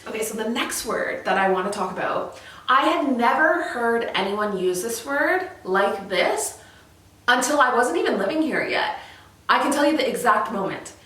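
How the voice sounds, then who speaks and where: A young Canadian woman with a Canadian accent, chatting to camera in a relaxed vlog style, laughing often and trailing off mid-thought. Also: on the high side, moderate pace, distant mic. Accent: Canadian English. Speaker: vlogger. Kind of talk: casual chat to camera. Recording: very echoey room, voice from off-mic.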